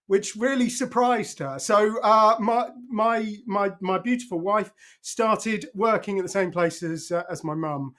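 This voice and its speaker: An English man being interviewed as a guest author, friendly and quick to laugh. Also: high voice, fairly bright tone. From England.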